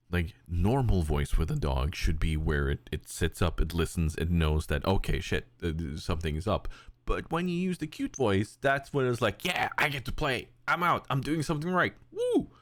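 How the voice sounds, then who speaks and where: A man co-hosting a podcast in casual, rambling chat, animated and given to quick put-on voices when quoting. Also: dry recording. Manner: rambling and animated, slips into high cute voices for quotes. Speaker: podcast co-host.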